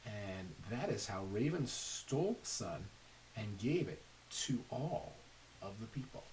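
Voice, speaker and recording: Unhurried and lowish in pitch, a man reads a picture book aloud to children in lively storytelling fashion, stopping now and then to question his listeners. The sound carries faint hiss and is a little distant from the mic.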